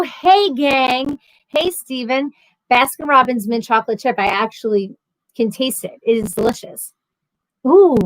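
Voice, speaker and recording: A woman with a fairly high voice hosts a casual livestream. She reads viewer comments aloud and chats back with sarcastic humor. The sound is dry and close, with no room echo. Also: a bit bright. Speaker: livestream host.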